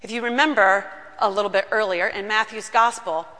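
A woman pastor preaching a sermon in a church, telling the story earnestly and slowing down on key words. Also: mid-range voice, fairly even intonation, pushed and bright. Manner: earnest storytelling, slows down for emphasis. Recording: long reverb of a large room.

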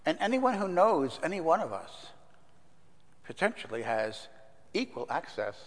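An older man preaching a sermon in a church, telling a story in a relaxed, conversational way with fillers. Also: on the high side, measured pace. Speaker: pastor. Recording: long reverb in a church hall.

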